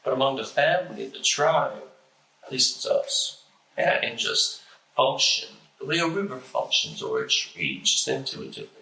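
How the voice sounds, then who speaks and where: A man with a stutter recites a spiritual lecture in a slow, deliberate way, pausing often. His voice is bright and clear. The room around him sounds echoey. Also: mid-range voice, huge pitch swings. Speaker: host reciting a famous lecture.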